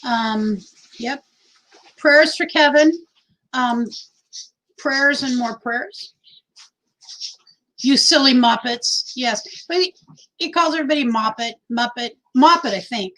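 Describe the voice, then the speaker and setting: Woman, middle-aged, from Texas, livestream host, rambling chat, high voice. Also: takes it slowly, pauses often, fairly bright tone, rough recording. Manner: chatty, rambling, reads out chat names. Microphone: phone.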